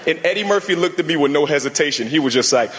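A man comedian telling an anecdote in an animated way. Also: on the high side, quick pace.

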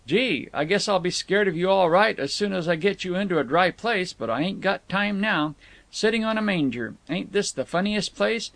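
A humble, plain-spoken young man who keeps trying to smooth things over with his companion. A man narrating a novel gives him a slightly raised voice with a gravelly texture. The sound is close and dry. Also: sits high, expressive, moderate pace, fairly bright tone, no room sound, voice pushed up, heavily acted. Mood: cheerful. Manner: folksy, says "ain't", mild and placating.

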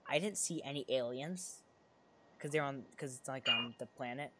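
Excitable rambling podcast co-host. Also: medium pitch, normal speed, heavy background noise. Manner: excitable, rambling with many fillers and restarts. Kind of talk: casual chat.

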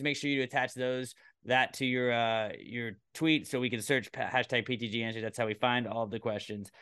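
A man hosts a casual comedy podcast in a loose, rambling way, cursing offhandedly. His voice is smooth and clear at an ordinary middle pitch. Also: bright, forceful tone. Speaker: podcast host.

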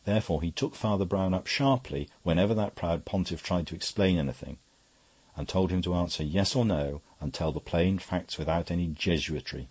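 A man narrating a classic story in an even, unhurried reading. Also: sits low, breathy edge, dry recording. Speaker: audiobook narrator. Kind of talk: scripted narration.

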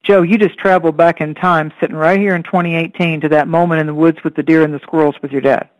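A woman's voice: low-pitched, steady tone, fast talker, darkish tone, dry recording, poor audio. A woman hosting a radio chat show as a hypnotherapist, talking in an earnest, rambling, spiritual way.

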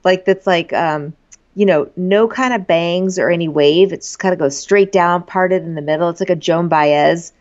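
A woman's voice: lowish voice, moderate pace, darkish tone. Sarcastic woman on a dull lo-fi recording. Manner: wry, sarcastic reactions. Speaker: podcast co-host. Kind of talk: casual recap chat.

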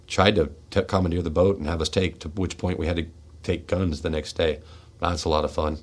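A middle-aged man hosting a radio show, speaking in a raw, confessional monologue, tearful and shaky, swinging between forceful outbursts and hushed words. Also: low-pitched. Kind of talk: emotional personal monologue. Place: radio studio.

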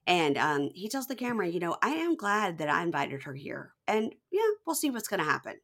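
A woman's voice: on the low side, very animated, a little fast, a bit bright. A woman in her forties co-hosting a casual chat, recapping a reality show and acting out quotes in exaggerated voices. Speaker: podcast co-host.

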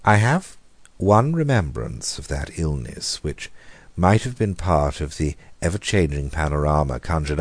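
A man narrating a horror story in a measured, grave reading, slowing down for dramatic moments. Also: very deep voice, a little mellow, dry recording. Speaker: audiobook reader.

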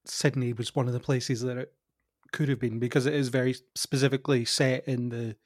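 Man, mid-pitched voice, dry recording, relaxed chat. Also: a little fast, dry recording. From United Kingdom. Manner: easygoing, laughs along. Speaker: podcast guest. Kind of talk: casual film podcast chat.

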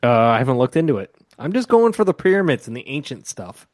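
A man chatting casually on a podcast, teasing and quick to laugh. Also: medium pitch, sing-song, dry recording, studio quality. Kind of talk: casual chat.

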